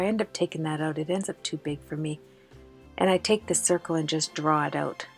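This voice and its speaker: Breathless, chatty woman over soft music. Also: lowish voice. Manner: chatty and enthusiastic, many fillers. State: out of breath from the flu. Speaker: card-making video host. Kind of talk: crafting tutorial voice-over.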